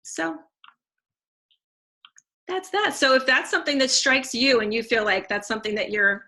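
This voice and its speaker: A woman's voice: high-pitched, animated, moderate pace, sharp tone. A woman in her thirties talking casually and effusively about how selling essential oils helped her, with many fillers and restarts. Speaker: teacher and essential oils seller. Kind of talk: casual testimonial talk.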